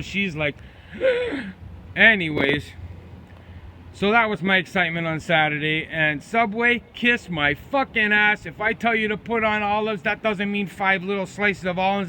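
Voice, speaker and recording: A man's voice: high voice, background noise. A middle-aged man, ranting bluntly and profanely as he tells an angry story in his vlog. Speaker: vlogger.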